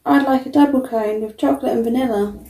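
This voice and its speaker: A woman's voice: on the high side, steady tone, fast talker, dark tone, reverberant, recorded from a distance, close to an everyday voice, rough recording. A woman voicing a cheerful young squirrel boy in a storybook reading. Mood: chirpy.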